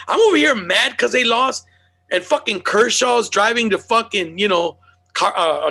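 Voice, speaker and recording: A man's voice: high-pitched, vocal fry, breathy edge. A man telling stories in casual, profane chat as a podcast host. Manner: animated storyteller, swears a lot.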